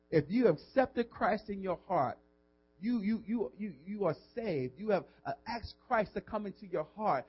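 A pastor preaching a sermon, swinging from loud emphasis down to a hushed whisper, informal and repeating words as he asks the congregation questions. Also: sits high, husky, highs cut off.

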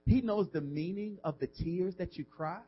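A pastor preaching in a church, his man's voice pitched high above most men's. He moves from soft, tender lines to loud, stretched-out declarations and keeps calling out "come on" to the room. The audio is dull and lo-fi. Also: moderate pace, husky. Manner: preaching with rising and falling intensity, call-and-response asides. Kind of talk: sermon.

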